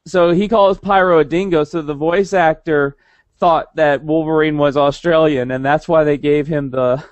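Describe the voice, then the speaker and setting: A man's voice: a little high, steady tone, moderate pace, no echo, dull audio. A young man co-hosting a casual podcast, rambling with many restarts. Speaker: podcast co-host. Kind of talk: casual chat.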